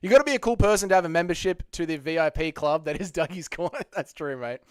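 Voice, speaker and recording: A man's voice: on the high side, quick pace, smooth, no room sound, studio quality. A young Australian man hosting a casual livestream, reading the chat aloud, joking and swearing freely. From Australia (Melbourne). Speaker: MMA channel host.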